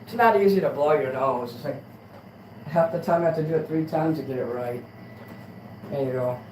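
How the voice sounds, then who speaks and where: A man's voice: on the high side, normal speed, poor audio. Crude livestream host, male, rambling delivery, faint hiss under the voice. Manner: rambling, crude, swings between mutters and loud rants. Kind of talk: casual late-night livestream chat.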